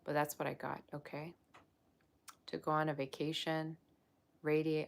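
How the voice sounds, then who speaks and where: A woman's voice: low voice, steady tone, moderate pace, long pauses. A woman giving a live-streamed tarot reading, chatty and effusive as she gushes over the cards. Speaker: tarot reader.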